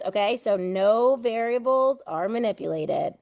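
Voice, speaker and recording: A woman's voice: fairly high pitch, animated, a little slow, darkish tone, no room sound, studio quality. A woman running a live online exam prep class in a loose, playful way. She acts out everyday examples and swears casually.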